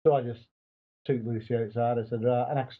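A man's voice: mid-range voice, steady tone, fairly quick, phone-quality sound. A middle-aged man, co-hosting a podcast and telling stories bluntly with British slang. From England. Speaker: podcast co-host. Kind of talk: casual chat.

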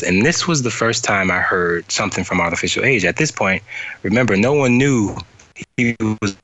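A man from New Orleans, a guest in an interview, telling a story in lively detail over a remote call that cuts out. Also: on the low side, moderate pace, no room sound, rough recording. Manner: animated retelling with quoted voices and laughter. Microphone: remote call, cutting out.

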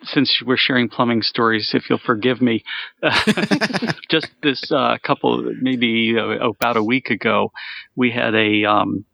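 A man co-hosting a casual chat, telling a home repair story with lively, animated delivery. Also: measured pace, creaky, no echo, lo-fi sound. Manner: animated storyteller, jumps up in pitch acting out his wife.

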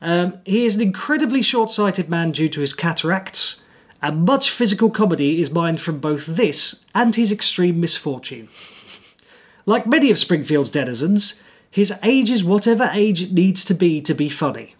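A man's voice: high-pitched, lively intonation, moderate pace, slightly rough. A man co-hosting a podcast, delivering partly scripted commentary in a dry, wry way. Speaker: podcast co-host. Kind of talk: casual chat with scripted segments.

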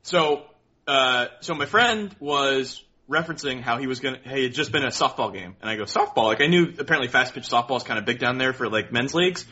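A man co-hosting a casual podcast, telling animated stories with frequent laughs and high-pitched quoted voices. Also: a little fast. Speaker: podcast co-host. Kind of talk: casual chat, storytelling. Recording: dull lo-fi audio.

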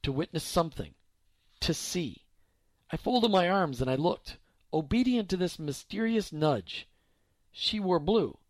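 Guy reading a christmas-style story aloud, reflective, lively ups and downs, slightly high voice, dry close sound. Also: a little slow, pauses often, no echo. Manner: reflective, expressive.

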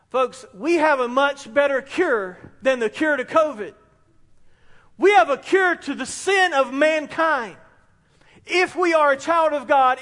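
A man preaches in a very high voice, building excitement and hammering phrases over and over. His sermon rings with the long reverb of a large church sanctuary. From South Carolina. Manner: animated, excitable preaching with repetition. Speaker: pastor.

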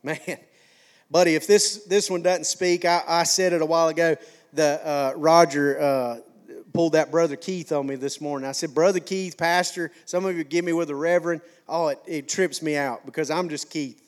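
A man's voice: on the high side, steady tone, moderate pace. A male pastor preaching a sermon in a folksy, conversational way, repeating phrases for emphasis.

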